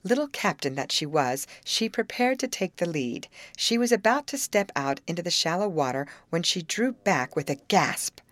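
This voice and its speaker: A woman reading a children's novel aloud as scripted narration, in measured, expressive storytelling. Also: on the low side, no room sound. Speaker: audiobook reader.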